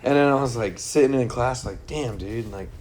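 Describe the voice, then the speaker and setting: A man's voice: mid-range voice, a little fast, darkish tone, a little hiss or hum. A young man casually telling a long, rambling story to friends on a podcast, acting out quotes and swearing freely. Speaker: podcast co-host.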